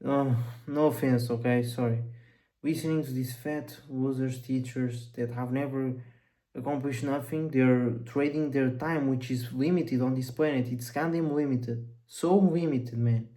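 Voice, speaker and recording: A man's voice: mid-range voice, steady tone, a little slow, warm tone, low-quality recording. A young man giving a blunt, profane motivational monologue as a coach, rambling and intense.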